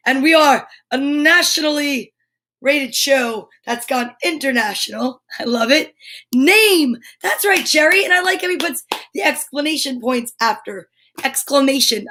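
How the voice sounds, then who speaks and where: A woman's voice: high voice, pushed and bright. An American woman hosting a live children's lesson show, bubbly and enthusiastic, greeting young viewers by name. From United States. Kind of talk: live-streamed kids' lesson.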